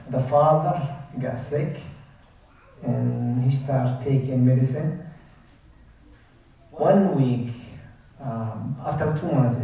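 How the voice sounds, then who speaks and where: A man preaching, telling a moral story slowly in short, halting phrases. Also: medium pitch, mellow. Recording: echoey hall, distant dull mic.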